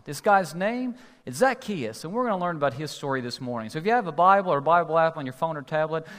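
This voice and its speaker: A man's voice: a little high, fairly bright tone. A male pastor preaching a sermon in a conversational, storytelling way with humor, heard in an echoey hall.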